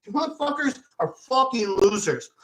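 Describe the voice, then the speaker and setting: A man's voice: extremely high pitch, sing-song, normal speed, bright, forceful tone, poor audio. A man hosting a vlog who rants angrily and profanely, repeating himself as he argues. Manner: angry, profane, repetitive ranting. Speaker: video host. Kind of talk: profane ranting vlog commentary.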